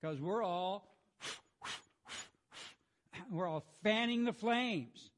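A man giving a devotional sermon. He reads scripture in a soft, hushed voice, then urges his listeners on with rising emphasis, clearing his throat often. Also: high voice, lively intonation, very slow. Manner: frequent throat clearing and restarts. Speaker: preacher.

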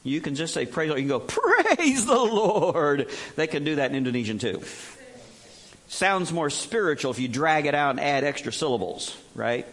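A man's voice: mid-range voice, fairly quick, fairly bright tone. A middle-aged man preaching a sermon in a plain conversational way, joking and sometimes mimicking others in exaggerated bursts. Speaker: pastor.

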